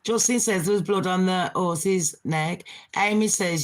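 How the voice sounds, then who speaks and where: A woman's voice: fairly low pitch, moderate pace. A woman from Jamaica with a mixed Birmingham and Jamaican accent, hosting a casual livestream and chatting back at viewer comments. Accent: Birmingham English with a Jamaican touch. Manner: chatty, laughs often, answers comments. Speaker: livestream host reading chat.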